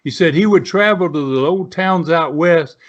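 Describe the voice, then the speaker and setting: A man's voice: a little high, moderate pace. A man, a retired wrestler telling rambling, salty stories in an interview. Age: 70s. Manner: folksy, rambling storyteller with salty language. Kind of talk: storytelling interview. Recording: dull lo-fi sound.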